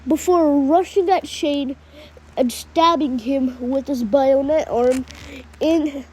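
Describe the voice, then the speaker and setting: A woman's voice: sits high, slow pace, a little mellow, low-quality recording. A woman casually retelling a fan-made story, stringing events together with "and then". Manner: breathless plot recap, many "and then"s.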